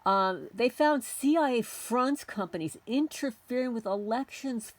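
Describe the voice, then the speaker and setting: A woman's voice: on the high side, animated, a little slow, few pauses, dry recording. Indignant middle-aged woman ranting, dry sound. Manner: indignant, confrontational, repeatedly addressing unseen tormentors. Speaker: homesteading channel host. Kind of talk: ranting monologue to camera.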